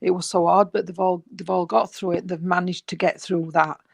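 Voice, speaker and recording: A spiritualist medium giving a gentle, reassuring reading, rambling and repeating, with many fillers. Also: mid-range voice, little pitch movement, moderate pace, creaky, no room sound, poor audio. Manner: gentle, reassuring, calls the sitter sweetheart and darling. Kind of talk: mediumship reading at an online service.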